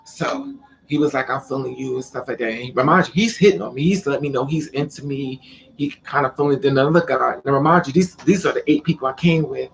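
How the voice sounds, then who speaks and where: A man tells a personal story straight to the camera, blunt and full of swearing, quoting what everyone said. His voice is gravelly at a middle pitch. There is faint noise behind him. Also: quick pace. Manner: blunt, profane, quotes people in conversation. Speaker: vlogger. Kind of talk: casual storytelling monologue.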